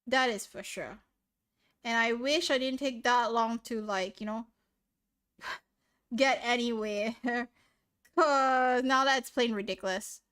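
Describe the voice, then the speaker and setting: Speaking slowly with long pauses, this woman has a fairly high, clean, slightly bright voice. As a livestream host she chats casually with viewers in a giggly, rambling, self-deprecating way, sniffling a little from sneezing, her desk mic using noise suppression.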